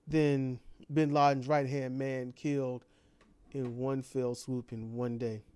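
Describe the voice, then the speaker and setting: A man's voice: mid-range voice, level tone, takes it slowly, darkish tone, clear, resonant tone, no room sound. A man delivering an impassioned ranting monologue full of repeated rhetorical questions. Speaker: commentator.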